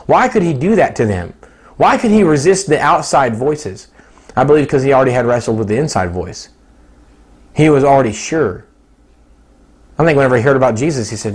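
A man in his thirties preaching a sermon, animated and laughing often, jumping to high excited tones. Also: fairly quick, pauses often, breathy edge.

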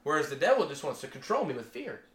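Preaching a casual sermon to a small group, a man tells stories in an animated, chatty way, exclaiming as he goes. His voice runs on the high side at a quick pace, and the recording sounds roomy.

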